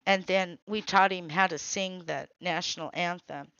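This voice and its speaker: A woman's voice: lowish voice, steady tone, normal speed, bright, forceful tone, smooth, dry recording, lo-fi sound. A woman hosting a casual crafting chat, a chatty storyteller who laughs often. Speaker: craft channel host.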